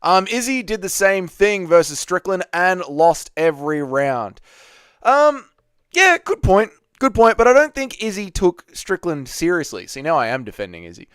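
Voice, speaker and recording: A man's voice: high-pitched, very animated, normal speed, a bit bright, clear, resonant tone, no room sound, clean studio sound. A young Australian man hosting a casual livestream, chatty, greeting viewers by name and swearing freely. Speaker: livestream host. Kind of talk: casual live chat reading viewer comments.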